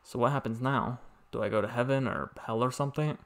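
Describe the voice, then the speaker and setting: A man's voice: medium pitch, brisk, fairly bright tone, natural voice. A man voicing a recently deceased man in his forties, asking uncertain, bewildered questions. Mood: puzzled.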